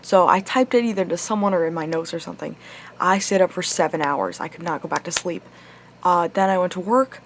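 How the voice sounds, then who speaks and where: Talking a little fast in a fairly low voice, a young vlogger tells her camera a personal story in a casual storytime monologue. She rambles, swears a lot and uses plenty of filler, with slight hiss or hum in the audio.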